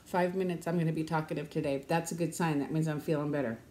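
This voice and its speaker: A woman's voice: steady tone, quick pace, warm tone, slight background noise. A woman in her fifties chatting casually to camera in a rambling, talkative way, laughing often. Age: 50s. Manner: rambling, chatty, laughs often, uses high baby-talk to her dog. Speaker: vlogger.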